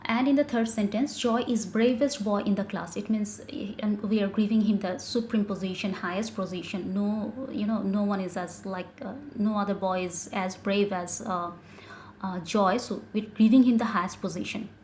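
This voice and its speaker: A woman's voice: medium pitch, steady tone, moderate pace, a little mellow. A woman teaching an online grammar class, explaining step by step with frequent fillers and self-corrections. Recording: echoey room with faint noise.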